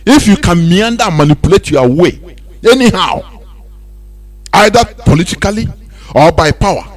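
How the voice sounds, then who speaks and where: A Nigerian man hosting a radio talk show, speaking in a loose, animated monologue that mixes in pidgin. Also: sits high, moderate pace. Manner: animated, mixing pidgin and laughing asides. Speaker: radio host.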